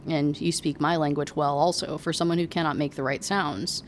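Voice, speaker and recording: A woman's voice: sits low, fairly even intonation, normal speed, slight background noise, lightly acted. A woman reading an earnest stranded colonist woman. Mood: warm.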